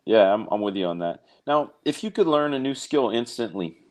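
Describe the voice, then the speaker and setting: A man hosting a casual interview, talking in a relaxed, rambling and self-deprecating way. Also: medium pitch, brisk. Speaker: podcast host.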